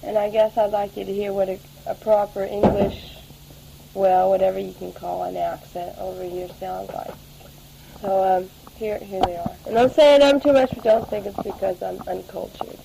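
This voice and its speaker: A woman's voice: medium pitch, level tone, normal speed, creaky, background noise. A teenage girl rambling through a spoken audio letter to her family, full of fillers and restarts, taped at home. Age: late teens. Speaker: letter writer.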